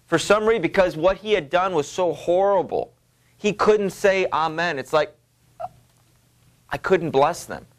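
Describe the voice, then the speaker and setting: A middle-aged male literature teacher lectures his class in a loose, conversational way. He leans on ums and you knows as he explains, and his voice sits a little higher than most men's. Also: lively intonation, unhurried, pauses often. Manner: casual, filler-heavy explaining with many ums and you knows. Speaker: high school literature teacher.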